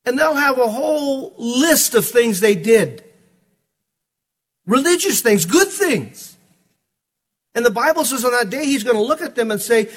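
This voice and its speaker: A pastor preaching a sermon, swinging between hushed, earnest passages and ringing, emphatic calls. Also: male voice, very high voice, animated, a little slow, long pauses.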